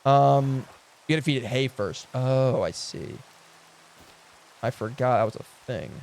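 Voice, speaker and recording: A man streaming a game live, chatting casually and excitably, swearing and laughing often, and cooing at the animals he meets. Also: mid-range voice, unhurried, gravelly, a little hiss or hum. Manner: coos affectionately at in-game animals. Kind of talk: casual live gameplay commentary.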